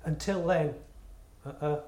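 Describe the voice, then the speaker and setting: A man delivers a sermon with a fairly high voice. He presses each point earnestly, repeating words and asking rhetorical questions. The sound carries the echo of a church. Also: a little slow, darkish tone. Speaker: preacher. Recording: echoey room.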